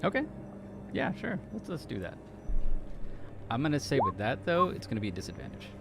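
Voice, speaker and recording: A man narrating as game master in a relaxed, hesitant way with many fillers. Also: mid-range voice, brisk, creaky, loud music behind the voice.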